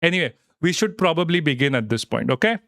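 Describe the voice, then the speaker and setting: A man's voice: fairly high pitch, big pitch swings, quick pace, vocal fry, a bit bright, dry recording, clean studio sound. Rambling reassuring male streamer. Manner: rambling, reassuring, with frequent swearing. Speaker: livestream host. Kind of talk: casual live-stream chat.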